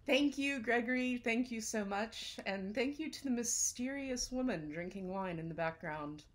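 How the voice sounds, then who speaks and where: A woman hosts an online reading and introduces her guest with open enthusiasm. Her voice sits at a middle pitch and she speaks in a friendly, easy way over a home video call mic. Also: moderate pace. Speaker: host. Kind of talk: show introduction.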